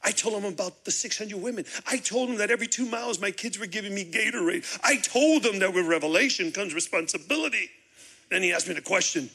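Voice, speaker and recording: A man's voice: high voice, moderate pace, slightly rough. A man preaching as a guest pastor, telling a story with acted-out dialogue and building into fervent preaching. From Chicago. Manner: animated, acts out dialogue, builds to shouted preaching. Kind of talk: sermon storytelling.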